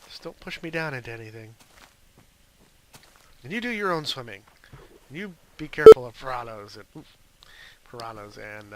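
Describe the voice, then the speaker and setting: A man's voice: medium pitch, a little hiss or hum. A young man rambling casually through gameplay commentary, chatting and talking fondly to his pet wolf. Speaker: gaming video host.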